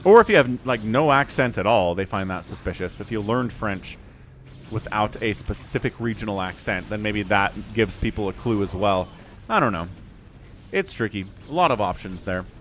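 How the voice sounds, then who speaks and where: A man's voice: fairly low pitch, expressive, moderate pace, a bit bright, a little hiss or hum. An American man giving casual, joking livestream commentary on a strategy game and chatting with viewers. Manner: chatty, joking, reads chat aloud.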